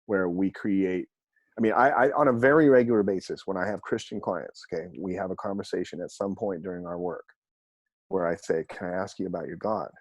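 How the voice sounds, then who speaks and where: A man guest on a podcast, a counselor who works with athletes, telling stories in an animated way and acting out the dialogue. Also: low-pitched, fairly quick, dry recording. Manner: animated, acts out quoted dialogue. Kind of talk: conversational storytelling.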